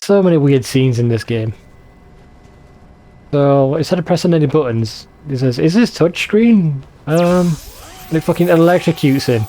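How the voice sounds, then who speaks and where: A man with a northern English accent talks through a game in a loose, joking way. His tone is mellow and warm, and he swears freely as he mocks what he sees on screen. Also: a little high, moderate pace, pauses often, slight background noise. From northern England. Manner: chatty, swears freely, mocking asides. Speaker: let's play host. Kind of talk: casual gameplay commentary.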